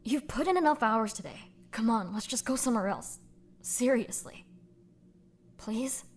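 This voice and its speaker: Woman doing a pushy caring friend, casual and coaxing, kinda high voice, fan audio drama. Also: expressive, measured pace.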